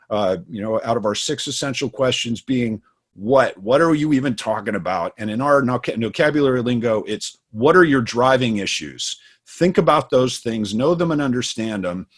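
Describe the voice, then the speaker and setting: A middle-aged man co-hosting, explaining ideas in a casual way with plenty of fillers, restarts and personal stories. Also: medium pitch. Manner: storytelling, many fillers and restarts. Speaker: co-host. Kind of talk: casual instructional talk.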